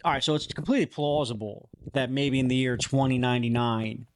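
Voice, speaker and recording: A man's voice: mid-range voice, steady tone, a little fast. Young man, laughing playful podcast host. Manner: laughing, playful, jumps into silly mock voices. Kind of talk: casual podcast chat.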